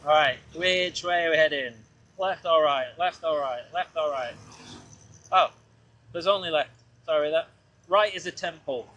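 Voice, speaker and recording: A man's voice: a little high, unhurried, pauses often, sharp tone, a little hiss or hum. A man chatting casually and rambling as he rides a scooter outdoors, talking into a small mic with a fluffy windshield. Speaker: podcast host. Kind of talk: casual vlog narration while riding. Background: road ambience.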